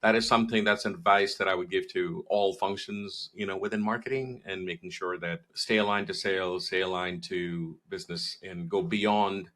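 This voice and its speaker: A man, a marketing guest in an interview, giving measured advice with frequent fillers. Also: sits low, steady tone, a bit bright.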